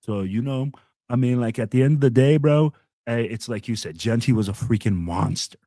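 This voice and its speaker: A man as a guest on a sports podcast, talking excitedly and emphatically in casual chat. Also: medium pitch, moderate pace, dry recording, studio quality. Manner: excitable, emphatic, calls the host "bro".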